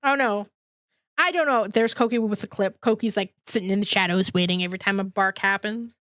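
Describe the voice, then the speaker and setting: A woman's voice: medium pitch, a little fast, fairly bright tone, no room sound, clean studio sound. A congested woman chatting casually with her live-stream audience, bubbly and rambling, laughing often.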